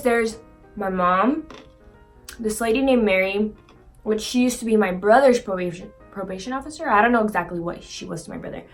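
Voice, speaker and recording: A young woman with a slightly high voice tells a story casually to her viewers. She fills her speech with "like", swears freely and acts out quoted lines. Faint music plays behind her. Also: pushed and bright. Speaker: vlogger. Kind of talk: casual storytelling while eating.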